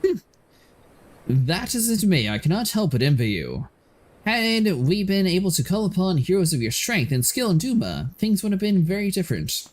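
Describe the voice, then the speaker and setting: A man's voice: high voice, very animated, moderate pace, voice pushed up. A man reading aloud the lines of a grieving old nobleman from a fantasy game, formal and mournful. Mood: solemn.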